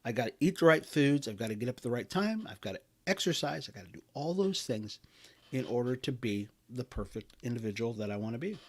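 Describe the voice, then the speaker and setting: A man's voice: medium pitch, sing-song, fast. A middle-aged man hosting a podcast, delivering an emphatic motivational talk with frequent restarts and fillers. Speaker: podcast host.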